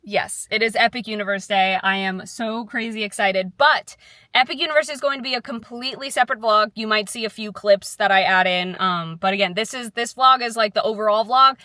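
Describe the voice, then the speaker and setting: A young woman filming a casual travel vlog on a handheld camera, bubbly and excitable, with chatty asides. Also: medium pitch, a little fast, no echo. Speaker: vlogger. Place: theme parks, outdoors and at home.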